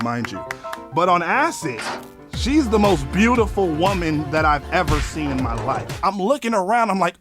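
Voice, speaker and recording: Man, fairly high voice, casual storytelling, animated, lots of swearing, faint background music. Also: moderate pace. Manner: animated, swearing, acts out his own quotes.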